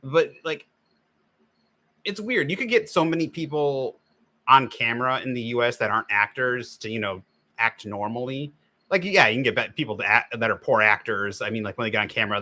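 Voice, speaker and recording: This livestream host has a medium-pitched voice that sounds bright and forceful. While drawing, he chats casually and rambles, frequently starting over. After some complaining, he offers drawing advice one step at a time.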